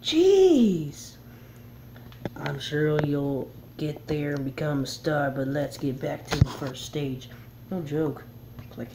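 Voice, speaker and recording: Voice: mid-range voice, level tone, a little slow, creaky, noisy background. A player giving casual gameplay commentary, reading the game's text aloud and chuckling at it along the way. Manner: reads game text aloud with chuckling asides. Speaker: game player.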